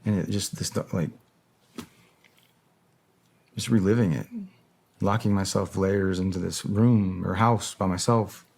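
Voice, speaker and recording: A middle-aged man as an interview guest, talking candidly and reflectively, often pausing to search for words. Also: low-pitched, creaky, a little mellow, husky. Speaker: interview guest, former special operator. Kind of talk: candid long-form interview talk.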